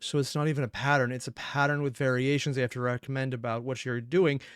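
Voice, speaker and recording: A man in casual reaction commentary, excitable and giggly, with rambling asides, on a close mic. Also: mid-range voice, quick pace, background noise. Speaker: reaction video host.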